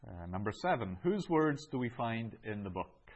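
A man teaching a Greek class, going over answers in a slow, measured way with many ums and uhs. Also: medium pitch, very animated, lo-fi sound.

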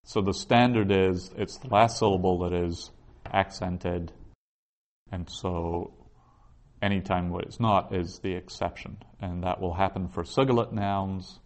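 A man with a fairly low voice gives a patient classroom lecture. He explains step by step and sounds out each Hebrew word slowly and carefully. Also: fairly even intonation. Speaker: Biblical Hebrew teacher.

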